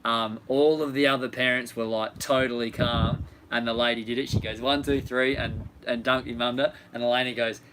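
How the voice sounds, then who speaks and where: A man's voice: mid-range voice, steady tone, moderate pace, hardly any pauses, background noise. An Australian man co-hosting a casual live question-and-answer chat, joking and rambling with frequent restarts. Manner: joking, rambling, self-interrupting. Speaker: co-host.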